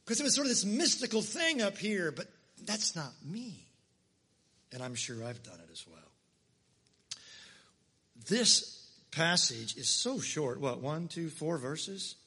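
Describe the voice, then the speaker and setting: Preaching man with a bright, husky voice. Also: a little high, sing-song, takes it slowly, pauses often, long reverb tail. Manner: conversational preaching with asides and rhetorical questions. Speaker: pastor. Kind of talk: sermon.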